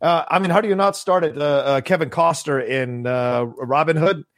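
A man's voice: on the high side, moderate pace, a bit bright, no echo, studio quality. A man co-hosting a podcast over a video call, chatting casually, rambling and swearing. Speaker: podcast co-host. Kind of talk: casual chat.

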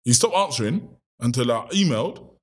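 A young man from London with a London accent, telling a story in lively casual chat and acting out the voices of people in it. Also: normal speed. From London, England. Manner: lively, acts out quoted voices with big pitch jumps. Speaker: guest telling a business story.

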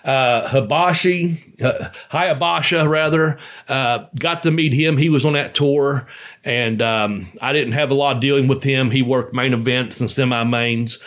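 A man's voice: mid-range voice, unhurried, fairly bright tone. A man in casual conversation, telling rambling, profane stories and laughing as he goes. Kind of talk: casual storytelling chat.

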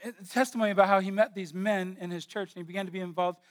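High-voiced preacher man, emphatic repeats. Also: steady tone, rapid-fire. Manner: emphatic, builds with repeated phrases. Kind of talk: sermon.

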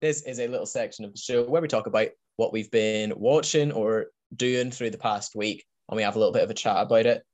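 A man's voice: lowish voice, fairly even intonation, fairly quick, few pauses, a little mellow. A man hosting a casual podcast chat, enthusiastic and rambling, laughing often. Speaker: podcast host.

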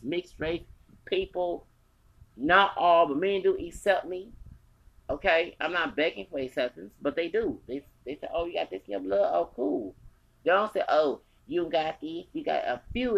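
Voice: mid-range voice, fairly bright tone, low-quality recording. An American podcast host in their forties, ranting in a profane, confrontational, repetitive way. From United States. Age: 40s.

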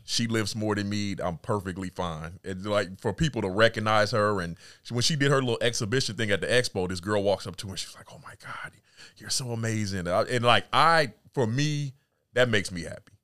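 A middle-aged man with a very low voice, talking in a relaxed interview. He chats in an easygoing, self-deprecating way, with plenty of fillers. The sound is dry, with no room echo. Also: a little fast, smooth. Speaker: podcast guest, husband. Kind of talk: casual interview chat.

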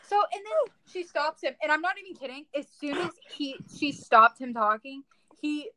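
A young woman co-hosting a podcast, chatting in an excitable, dramatic way full of fillers. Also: high voice, moderate pace, no echo, low-quality recording. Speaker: podcast co-host. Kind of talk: casual chat.

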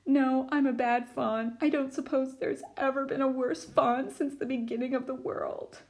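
A woman voicing a gentle, gloomy male faun who talks mournfully and through sobs, reading a storybook aloud. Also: mid-range voice, a little slow, natural voice. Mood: sorrowful. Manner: mournful and sobbing.

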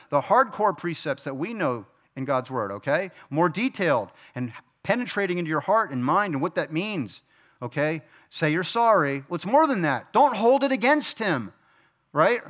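A man's voice: a little high, fairly bright tone. A middle-aged man teaching a Bible study from a church stage, conversational, asking the room questions and answering them himself. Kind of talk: sermon.

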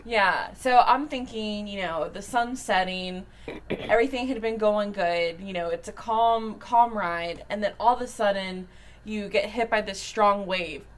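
A woman co-hosting a casual faith podcast into a studio mic, relaxed and quick to laugh. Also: medium pitch. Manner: relaxed, laughing, short agreements. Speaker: podcast co-host.

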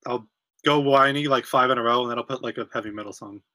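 A laid-back man co-hosting a podcast and chatting easily about his song picks. His tone is bright and crisp, recorded dry with no room sound. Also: mid-range voice, fast talker, no echo. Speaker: podcast co-host, playlist maker. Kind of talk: casual podcast chat.

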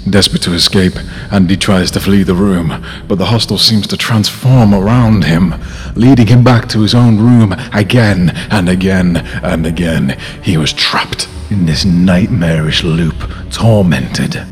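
A man hosting a podcast, reading a mock-horror story in a dramatic, drawn-out way. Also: sits low, in a large hall, soft background music. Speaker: podcast host.

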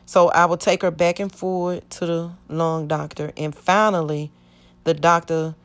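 Middle-aged woman, low-ish voice, earnest rambling testimony, voices the people in her story. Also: flat delivery, measured pace. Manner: earnest, rambling, acts out quoted speech. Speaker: church member giving testimony.

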